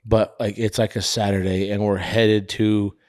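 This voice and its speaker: A young man with a lowish voice chats loosely as a podcast co-host. He rambles through anecdotes and slips into mocking quoted voices. The sound is close and dry, with no room behind him. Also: level tone, moderate pace, darkish tone, no echo. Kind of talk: casual chat.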